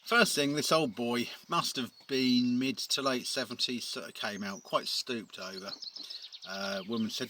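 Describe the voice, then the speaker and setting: A man's voice: medium pitch, measured pace. A man, a painter and decorator, telling a rambling story to camera outdoors, with wry asides and many ums. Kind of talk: casual storytelling vlog. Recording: loud outdoor background noise. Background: birdsong and outdoor noise.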